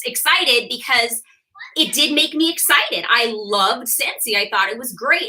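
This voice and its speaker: A young adult woman telling her personal story to a team, animated and laughing often as she acts out what people said. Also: high-pitched, low-quality recording. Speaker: direct sales leader sharing her story. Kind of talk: personal testimony talk to a team.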